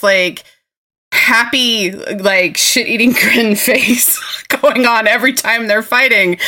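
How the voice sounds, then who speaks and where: A woman's voice: medium pitch, pushed and bright. A woman guesting on a casual podcast chat, enthusiastic and giggly.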